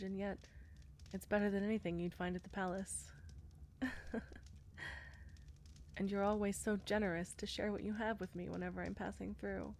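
A woman voicing a shy, war-weary female knight commander in an audio role-play, speaking hesitantly with soft fillers. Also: medium pitch, a little hiss or hum, close to an everyday voice.

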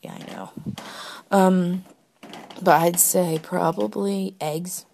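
Young woman rambling into her phone, low gravelly voice, giggly, lots of ums. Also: fairly even intonation, slow, darkish tone, slight background noise. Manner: rambling, giggly, frequent fillers and restarts. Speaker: solo podcaster answering question prompts. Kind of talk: casual candid chat.

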